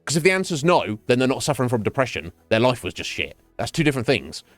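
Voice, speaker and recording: Profane, animated male streamer ranting. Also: mid-range voice, quick pace, dry recording, faint music behind. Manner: animated, profane, repeats words, laughs often. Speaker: livestreamer. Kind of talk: casual ranting chat while gaming. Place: home streaming setup.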